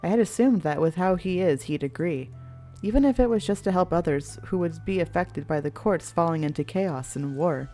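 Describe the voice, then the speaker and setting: A woman's voice: lowish voice, moderate pace, mellow, soft background music. A young woman streamer reading a visual novel aloud expressively, swearing freely.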